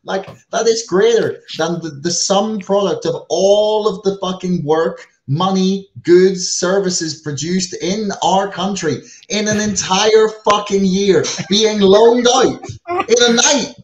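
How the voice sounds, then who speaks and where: A man co-hosting a casual talk show, telling stories in an animated, emphatic way with frequent swearing. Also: high voice, slow. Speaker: podcast co-host. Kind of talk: casual chat. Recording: roomy echo.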